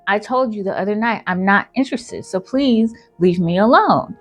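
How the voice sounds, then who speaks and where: A woman's voice: medium pitch, lively intonation, normal speed, faint music behind, natural voice. A woman voicing a young woman firmly turning down an unwanted suitor in a storytime retelling. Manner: firm, dismissive. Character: blunt, unimpressed young woman.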